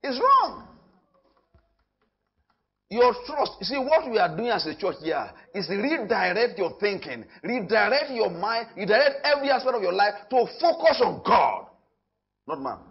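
A man's voice: high-pitched, unhurried, muffled recording. A man preaching a sermon, calling out questions to the congregation and declaring lines back. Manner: animated preaching with call-and-response. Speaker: pastor.

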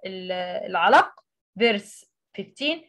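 A woman who speaks Arabic natively, teaching a tajweed lesson in English, explaining with many pauses and reciting examples. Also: mid-range voice, lively intonation, fairly bright tone. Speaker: Quran recitation tutor.

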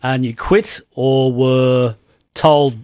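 A man's voice: medium pitch, fairly even intonation, very slow, darkish tone, smooth, no room sound, clean studio sound. An Australian man hosting a radio interview, prompting his guest and finishing her sentences. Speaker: radio host. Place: radio studio.

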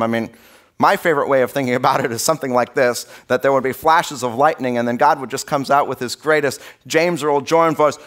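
Guy pastor giving a sermon at church, chatty and lively, middle-pitched voice. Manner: conversational, animated storytelling preaching. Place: church sanctuary.

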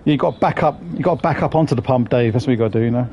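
A man's voice: medium pitch, rapid-fire, dark tone, lo-fi sound, a little hiss or hum. A man streaming a bus simulator, swearing and joking with his chat as he plays. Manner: sweary, jokey banter with chat. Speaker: gaming streamer. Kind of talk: live gameplay commentary.

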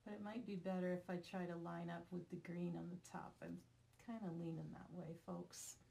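A chatty, self-deprecating woman from Vermont walks through a craft project in a casual tutorial. Her voice sits low for a woman, and she tosses jokes to someone off camera. A faint hiss of background noise runs under the recording. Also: little pitch movement, moderate pace, vocal fry, dark tone.

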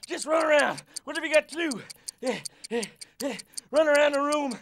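A man acting as a coach, leading a one-minute exercise break with loud rallying calls and jokes. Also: very high voice, moderate pace, a little hiss or hum. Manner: counts down and chants along while exercising. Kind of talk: energetic workout instruction.

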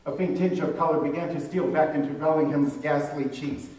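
A man's voice: on the high side, fairly even intonation, brisk, a little mellow, recorded from a distance. Man reading a story in an echoey room. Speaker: narrator. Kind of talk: dramatic reading of a classic story.

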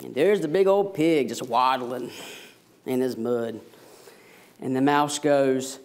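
A man's voice: medium pitch, takes it slowly, pauses often. A man, an associate pastor, preaching a sermon and telling a story with jokes. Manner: storytelling, animated, self-deprecating jokes.

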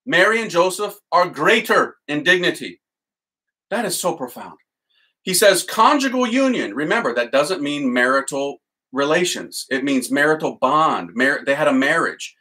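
A man, a priest, teaching with excited enthusiasm and leading a chanted litany. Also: on the high side, normal speed, poor audio.

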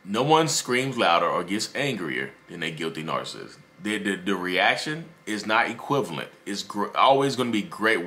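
A man giving casual relationship advice straight to viewers, animated and joking. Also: deep voice.

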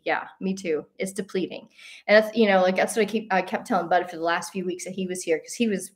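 A woman's voice: lowish voice, quick pace. A woman hosting a talk show, speaking in an earnest, rambling, unscripted way with many fillers and restarts. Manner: animated when telling a story, breaking into laughs. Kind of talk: casual unscripted monologue.

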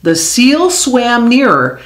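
A woman reading a children's picture book aloud, telling it in an expressive, unhurried way. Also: on the high side. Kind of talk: storybook read-aloud. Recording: echoey room.

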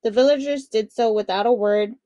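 A woman reading a children's picture book aloud with expressive, dramatic narration. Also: on the high side, brisk, no echo. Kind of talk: read-aloud storytelling for children.

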